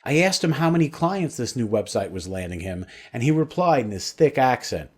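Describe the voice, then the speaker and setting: A man delivering a scripted sales pitch with a lively, bouncing delivery. His voice sits in a middle register and swings up and down often as he tells his story persuasively. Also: brisk, few pauses, husky. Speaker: sales webinar presenter.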